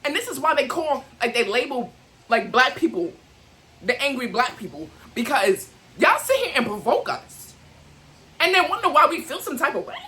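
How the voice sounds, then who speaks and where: A woman's voice: high voice, big pitch swings, moderate pace, sharp tone, low-quality recording. A young adult woman venting to camera in an emotional, heated, rambling way, full of "like" and "you know what I'm saying". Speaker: vlogger.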